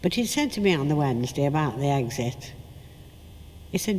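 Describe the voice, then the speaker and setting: A woman's voice: low-pitched, expressive, normal speed, pauses often, a little mellow, in a large hall, slight background noise. Older woman telling stage anecdotes. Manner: chatty anecdotal, acts out quotes. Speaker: actress recalling her career. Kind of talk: storytelling interview.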